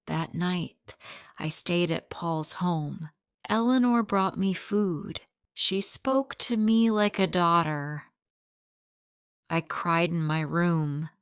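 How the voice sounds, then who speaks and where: A woman's voice: on the low side, clean tone, dry recording, studio quality. A woman narrating a first-person graded story for English learners in very simple, short sentences.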